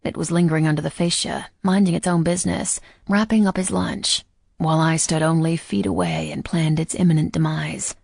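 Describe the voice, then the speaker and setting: A woman narrating a first-person audiobook in a quiet, measured, somber way. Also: low-pitched, creaky, slightly rough, dry recording, studio quality.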